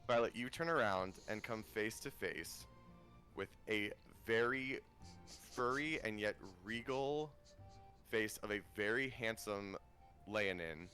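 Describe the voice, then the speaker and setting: A man narrates a tabletop game as game master, rambling and restarting his sentences. His voice sits a little low with a bright, forceful tone. Faint music plays under the narration. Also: slow pace. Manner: rambling, many ums and restarts.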